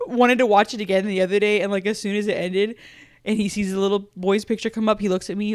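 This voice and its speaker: A woman's voice: medium pitch, steady tone, quick pace. A woman in her thirties co-hosting a casual podcast chat with her sister, rambling through stories with plenty of filler and laughing as she goes. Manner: rambling, gets emotional and laughs while retelling. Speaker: podcast co-host.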